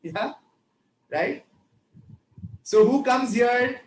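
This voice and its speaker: Brief: man, spiritual teacher, chatty devotional storytelling; high voice, echoey room. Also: expressive, very slow, slight background noise. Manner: conversational, checks in with listeners.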